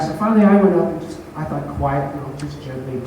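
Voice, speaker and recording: A man with a fairly high voice tells a rambling, swear-filled story about his own stand-up set, laughing at himself as he goes. He sounds far from the mic, in a very echoey room. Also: quick pace, heavy background noise. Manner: profane, self-mocking, animated retelling. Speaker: stand-up comedian telling a story. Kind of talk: casual storytelling chat.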